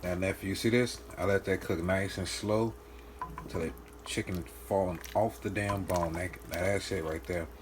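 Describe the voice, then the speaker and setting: A man's voice: low-pitched, fairly even intonation, noisy background. A man in his home kitchen, playfully talking his nephew through a home-cooked meal in a casual cooking vlog. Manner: playful, joking, with drawn-out sounds and soft asides.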